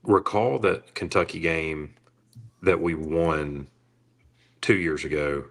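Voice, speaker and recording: A very low, husky-voiced man co-hosts a sports podcast. He talks in a wry, conversational way, drawing out his points. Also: takes it slowly. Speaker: podcast co-host. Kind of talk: casual sports chat.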